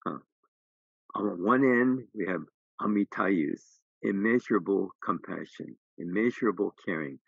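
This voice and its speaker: A man's voice: low voice, unhurried, creaky, breathy edge, no echo, lo-fi sound. A middle-aged man, a minister, gives a dharma talk in a temple, telling a story with many restarts and then making his points emphatically. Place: temple hall.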